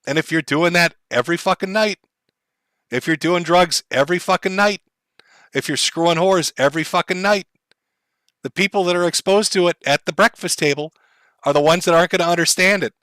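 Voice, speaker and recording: A man's voice: sits high, fairly quick, a bit bright, no echo. Blunt, profane male stream commentator.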